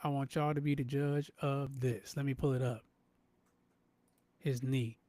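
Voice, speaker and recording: A man hosting a live sports podcast, animated and emphatic, repeating himself and talking straight to his chat. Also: mid-range voice, a little slow, no echo. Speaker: podcast host. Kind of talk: live-stream sports talk.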